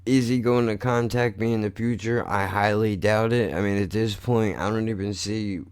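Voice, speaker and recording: A man's voice: on the low side, fairly even intonation, normal speed, a little mellow, clear, resonant tone, no room sound. A man hosting his own podcast in a blunt, profane, rambling monologue. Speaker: podcast host. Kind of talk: casual monologue.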